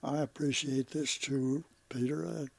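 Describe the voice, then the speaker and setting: A man in his eighties, a podcast guest in casual conversation, talking slowly with halting, trailing sentences and sounding tired. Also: medium pitch, steady tone, gravelly, slightly rough, no room sound. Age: 80s.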